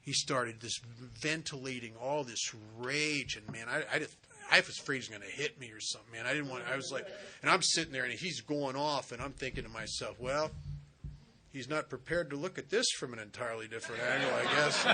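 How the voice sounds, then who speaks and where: Man, retreat speaker, earnest storyteller, bright, forceful tone, acts out voices. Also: mid-range voice, a little fast. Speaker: recovery speaker. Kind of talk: spiritual retreat talk. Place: retreat center hall.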